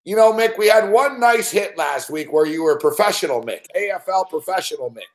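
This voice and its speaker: A man's voice: high voice, animated, fairly quick. A male host of a betting show, teasing his caller in profane casual chat.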